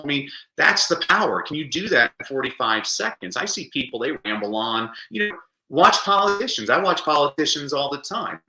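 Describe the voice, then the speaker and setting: Male podcast guest, animated storyteller, bright tone, roomy echo. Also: fairly high pitch, fairly quick. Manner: animated storyteller, acts out quotes. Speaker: guest speaker. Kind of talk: podcast interview.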